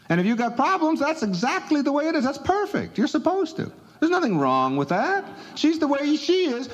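A man's voice: very high voice, dull audio. A man giving a motivational talk in a conversational, emphatic way, chuckling between points. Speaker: motivational speaker.

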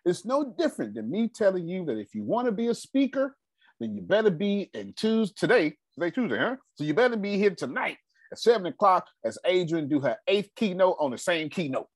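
Man, motivational meeting leader: emphatic, preachy, slangy, animated delivery, dry sound. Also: high-pitched, a little fast, no echo. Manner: emphatic, preachy, repeats phrases, casual slang. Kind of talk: motivational talk to a group.

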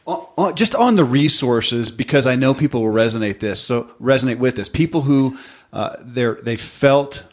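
A man's voice: medium pitch, expressive, moderate pace. A man hosting an interview, talking conversationally and prompting his guest. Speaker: host. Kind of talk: casual interview talk.

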